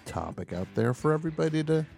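A man hosting a live call-in radio show, wry and mock-boastful, dropping to quiet mumbles and rising to shouts. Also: a little high, big pitch swings, quick pace, gravelly, soft background music.

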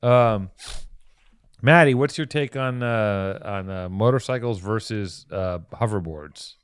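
A man with a lowish voice rambles through a casual podcast chat, crude and joking as he tells his stories. The sound is dry and close, with no room around it. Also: slow, smooth, no room sound. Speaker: podcast host.

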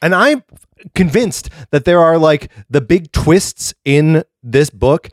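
Excitable man in his forties, dry close mic. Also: on the high side, slow pace, dry recording. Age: 40s. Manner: excitable, stammering restarts, swearing. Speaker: guest co-host. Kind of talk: casual chat.

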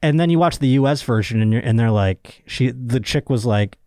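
A man's voice: medium pitch, moderate pace, dark tone, no echo, clean studio sound. A young man hosting a podcast, rambling and joking crudely in casual chat. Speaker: podcast host.

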